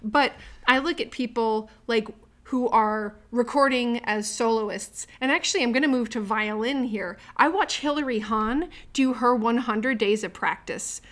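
A woman who teaches cello talks things through with a colleague in a relaxed, reflective way. Her voice sits a little high and she laughs easily. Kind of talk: casual chat between colleagues.

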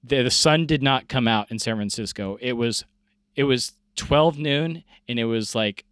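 A man's voice: mid-range voice, normal speed, fairly bright tone, clear, resonant tone, dry recording, clean studio sound. A man in his forties telling a story in casual chat, rambling and self-deprecating with lots of fillers. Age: 40s.

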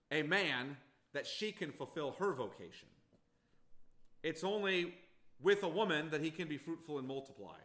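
A pastor preaching an expository sermon, emphatic and repeating phrases for stress. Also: male voice, fairly high pitch, fairly bright tone. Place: church sanctuary.

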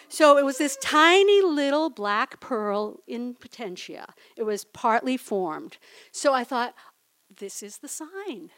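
A woman's voice: on the high side, fairly bright tone. A woman telling a personal story at a live storytelling event, in a chatty, conversational way that keeps checking in with the audience.

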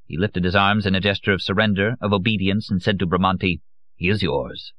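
A man reading a novel aloud as an audiobook narrator, in a measured, grave manner. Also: sits low, little pitch movement, no echo, muffled recording.

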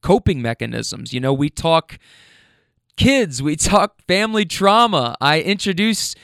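A man's voice: on the high side, animated, unhurried, creaky, a bit bright, no room sound, clean studio sound. A man hosting his own podcast, introducing the episode in a casual, enthusiastic and slangy way, rambling with restarts. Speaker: podcast host.

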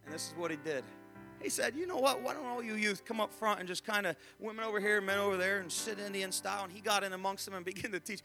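A man in his thirties, an evangelist telling a story in a sermon. He swings from hushed asides to shouted re-enactments. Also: sits high, fast, soft background music. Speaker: evangelist preacher.

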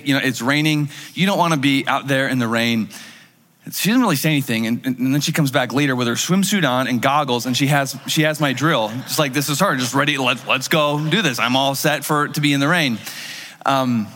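Mężczyzna, pastor wygłaszający kazanie w żywym, gawędziarskim stylu, nagrany z długim pogłosem dużej sali. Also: male voice, medium pitch, in a large hall. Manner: lively conversational storytelling with acted-out quotes. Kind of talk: sermon.

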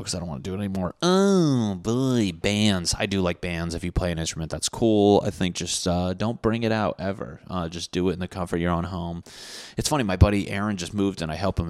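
A young man with a very deep, low voice rambles through crude stories, swearing freely as he hosts his podcast. His voice sits close to the mic in a dry, dead room. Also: dry recording. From Connecticut. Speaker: podcast host. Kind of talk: casual rambling monologue.

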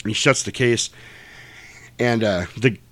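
A man's voice: fairly low pitch, unhurried, fairly bright tone. A man in casual chat, animatedly retelling a film scene and swearing freely.

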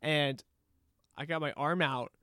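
A young man co-hosting a podcast, chatting casually and acting out lively quotes as he tells a story. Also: fairly high pitch, a little slow, clean tone, dry recording, studio quality. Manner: animated storyteller, acts out quotes with laughter. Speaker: podcast co-host. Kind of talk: casual chat.

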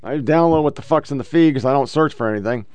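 A man's voice: mid-range voice, quick pace, a little mellow, clean tone, no echo. A middle-aged man hosting a casual, profane commentary show, bluntly lecturing about the clips he plays. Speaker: podcast host reacting to clips.

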